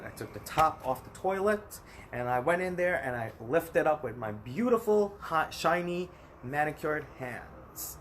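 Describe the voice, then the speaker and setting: A man's voice: mid-range voice, a little hiss or hum. Rambling, emphatic man in his thirties. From United States. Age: 30s. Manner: rambling, emphatic, talks straight at the viewer. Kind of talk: personal vlog monologue. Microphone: phone.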